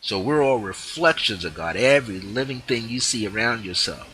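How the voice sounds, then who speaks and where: A man's voice: on the low side, animated, normal speed, bright, forceful tone, low-quality recording. A man teaching a spiritual class, leading listeners through repeated affirmations and decrees and stressing key words. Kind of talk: teaching session with guided affirmations.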